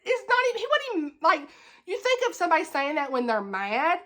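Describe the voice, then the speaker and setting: A woman hosting a casual book wrap-up vlog. She talks in an animated, ranting way, laughs often, and chats on with many fillers and repeated words. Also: very high voice, brisk. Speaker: book reviewer, channel host.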